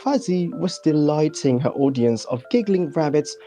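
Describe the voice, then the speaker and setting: A woman reading a children's bedtime story aloud in turns, relaxed and quick to laugh, with soft music behind her. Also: sits low. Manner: laughs easily, relaxed and playful. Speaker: storybook reader.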